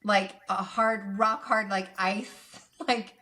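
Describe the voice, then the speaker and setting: Woman on a podcast gushing about old cartoons, mid pitch, chatty and excited. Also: takes it slowly. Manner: animated, gushing storyteller. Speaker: podcast guest. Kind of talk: casual podcast chat.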